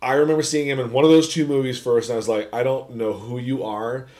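A man's voice: mid-range voice, steady tone, fast talker, darkish tone. A man co-hosting a podcast, chatting casually and rambling through his thoughts. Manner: rambling, chatty, self-interrupting. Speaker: podcast co-host. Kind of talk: casual chat.

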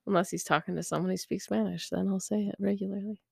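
Laid-back woman with vocal fry. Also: medium pitch, fairly even intonation, fast talker, a little mellow, no echo, clean studio sound. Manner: laid-back, laughs easily. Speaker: podcast co-host. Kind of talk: casual chat.

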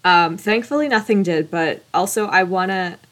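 An enthusiastic young woman co-hosting a casual podcast, with a slightly low voice. She talks in a gushing, slangy, emphatic way. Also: normal speed, fairly bright tone. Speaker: podcast co-host. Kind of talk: casual chat.

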